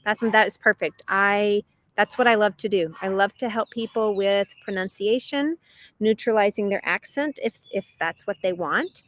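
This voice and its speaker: A woman's voice: medium pitch, normal speed, fairly bright tone. A middle-aged woman hosting a live English lesson stream, chatty and reading viewer comments aloud, laughing often. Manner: laughs often between remarks. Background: dogs barking.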